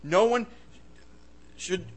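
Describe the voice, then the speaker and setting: A man preaching a sermon with passion, swinging between loud bursts and soft asides, often stammering and restarting his words. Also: high voice, drawn-out words, poor audio.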